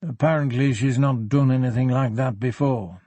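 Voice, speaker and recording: A man voicing a gruff older police superintendent with a Yorkshire accent, blunt and unhurried, in an audiobook. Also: medium pitch, dark tone, no room sound, natural voice. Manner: blunt, unhurried, plain-spoken.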